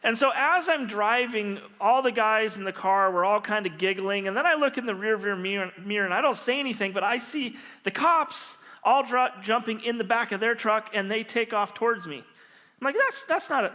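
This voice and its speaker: A man preaching as a pastor, telling stories in an animated, humorous way. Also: high voice, normal speed. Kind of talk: storytelling sermon. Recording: long reverb of a large hall.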